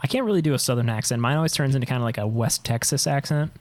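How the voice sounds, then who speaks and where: A man's voice: mid-range voice, very fast, no echo. Guy running a loose chat, dry close sound, laughs a lot, keeps things moving. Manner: laughs often, steers the talk along. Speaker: podcast host. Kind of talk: casual chat.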